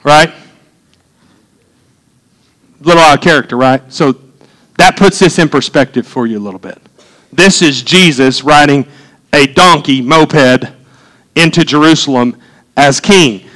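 A man delivers a sermon to his congregation. He talks in an easy, conversational way, then climbs into fervent emphasis. His voice sits a little high for a man. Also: a little slow, pauses often, fairly bright tone, low-quality recording. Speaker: pastor.

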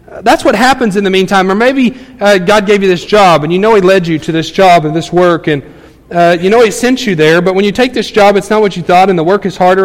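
A man's voice: high voice, big-room sound. A man preaching a Sunday sermon in a church, conversational and folksy, with frequent fillers and restarts. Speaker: pastor. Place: church sanctuary.

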